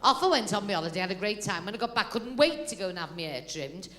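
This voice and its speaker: A woman with a Liverpool accent doing stand-up comedy, telling stories deadpan with punchy asides. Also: medium pitch, fast talker, noisy background.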